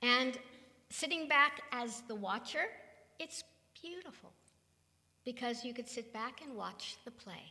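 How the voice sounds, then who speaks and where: A woman's voice: on the high side, lively intonation, a little slow, sharp tone. Older woman preaching in a reverberant hall. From California. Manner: emphatic, preaching. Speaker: spiritual teacher. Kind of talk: spiritual talk to an audience.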